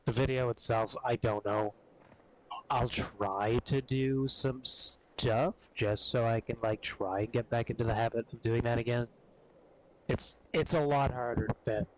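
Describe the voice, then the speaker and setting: A man streaming games, chatting casually and rambling with a lot of swearing, coughing and clearing his throat often. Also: medium pitch, a little hiss or hum, low-quality recording. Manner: profane, rambling, laid-back. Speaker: gaming streamer.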